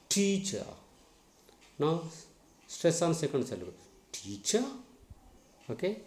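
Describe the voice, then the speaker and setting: A man with an Indian English accent teaching English pronunciation in a slow spoken lesson, repeating words to model stress and drilling his students. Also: fairly high pitch, a little mellow. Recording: echoey room.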